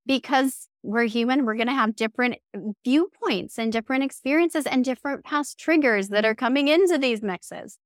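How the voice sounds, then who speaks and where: A woman's voice: high-pitched, normal speed, hardly any pauses, no echo, studio quality. A woman in her thirties, a therapist speaking earnestly in a podcast interview, acting out quoted phrases as she explains. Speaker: guest, somatic therapist and mindset coach.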